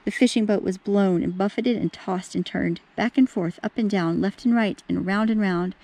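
Woman teacher, storybook read-aloud, animated, warm mellow tone, talks to the kids. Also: medium pitch, normal speed. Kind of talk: reading a storybook aloud to children.

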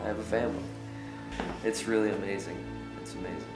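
A young man playing the grown son of Jesus in a comedic film, soft-spoken and sincere with a sardonic streak. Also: fairly low pitch, steady tone, fast talker, echoey room, over music, lightly acted.

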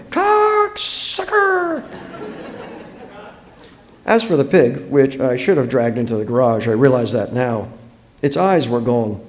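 A man from the United States reads his own fiction aloud at a book fair. His delivery is expressive and dramatic, with a lively, swinging pitch in the middle of a man's range. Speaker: author.

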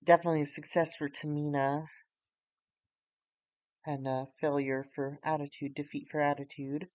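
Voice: mid-range voice, flat delivery, moderate pace, darkish tone, dry recording. A streamer playing a wrestling booking sim, rambling casually and swearing while retelling storylines. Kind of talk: casual live-stream commentary.

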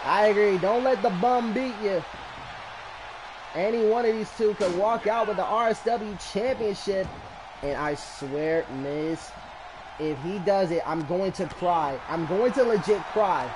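High-pitched emotional male wrestling commentator. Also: unhurried, pauses often, background noise. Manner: emotional, groaning and shouting at the action. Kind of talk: excited fan commentary on a video game match.

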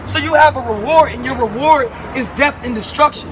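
A man preaching and arguing on a city street at night, shouting scripture loudly and calling listeners man and brother. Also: very high voice, brisk, over music. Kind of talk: heated street preaching and argument. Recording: noisy street recording with crowd.

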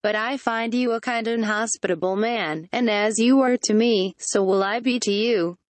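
A woman's voice: fairly high pitch, normal speed, lightly acted. An earnest young hero who speaks boldly and straight out, voiced by a synthetic woman narrator. The recording is dry and close, with no echo. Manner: earnest, forthright speech. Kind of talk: text-to-speech audiobook reading.

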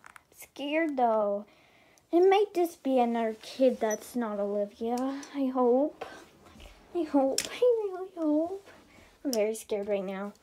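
A timid, whiny girl doll, played by a young female player who pleads and protests. The voice is fairly high and drawn out, moving slowly through each complaint. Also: lively intonation, mellow, a little hiss or hum. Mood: scared. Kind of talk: toy doll role-play.

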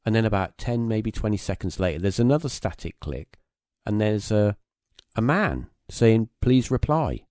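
A man's voice: on the low side, expressive, moderate pace, darkish tone, dry recording, clean studio sound. A man hosting a podcast, telling a long anecdote in a rambling, casual way with plenty of fillers. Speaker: podcast host. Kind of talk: casual conversation, storytelling.

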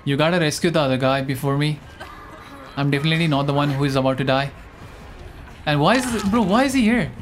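Excitable young male game streamer. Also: a little high, fast, long pauses, soft background music. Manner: excitable, rambling, self-mocking. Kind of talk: live gameplay commentary.

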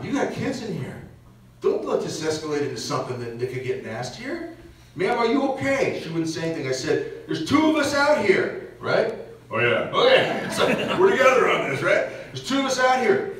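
A man giving a parish mission talk, telling stories and acting out what people said. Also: high-pitched. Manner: animated storyteller acting out quotes. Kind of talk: storytelling talk to a church audience. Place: large church. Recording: echoey church, distant mic, faint hiss.

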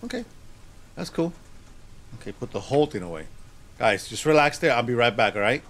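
A man playing a horror game on his channel, talking to himself and yelping with excitement. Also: mid-range voice, a little fast. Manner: excitable, yelps and laughs, talks to himself.

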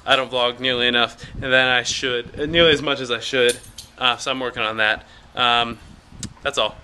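Young male vlogger, bright tone, loose rambling delivery, self-deprecating humor. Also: medium pitch, steady tone, normal speed, a little hiss or hum. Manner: rambling, jokey and self-mocking, with many fillers. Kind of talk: casual vlog chat.

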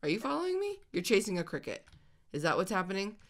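A woman hosting a video game let's-play, chatting excitably and squealing over the pets she finds. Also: medium pitch, fast. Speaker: host.

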